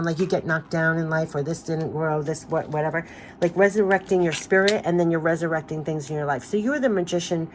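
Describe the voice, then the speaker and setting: Woman, tarot reader, lowish voice, gushing and emphatic, voice giving out, faint background noise. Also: a little mellow. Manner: gushing, emphatic, repeats phrases. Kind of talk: spiritual card reading.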